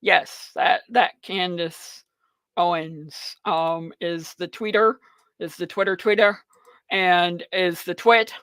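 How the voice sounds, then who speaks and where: A male talk radio host speaking slowly and deliberately in a dry, close studio sound. He rambles through his news commentary with plenty of ums and uhs, sounding blunt and opinionated. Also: high voice, steady tone, a bit bright, smooth, no room sound.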